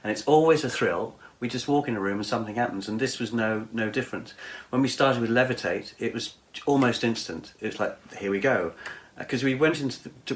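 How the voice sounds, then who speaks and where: Fast-talking musician, lowish voice. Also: male voice. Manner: warm, effusive, agreeable. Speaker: guest, musician and producer. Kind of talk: casual conversation.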